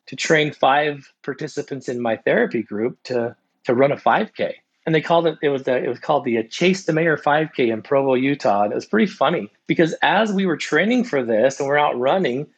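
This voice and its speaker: Husky-voiced man telling a story. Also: medium pitch, brisk, few pauses. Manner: lively storyteller who acts out other people's lines. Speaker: podcast guest, recovery coach. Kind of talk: casual storytelling. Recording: dull, lo-fi sound.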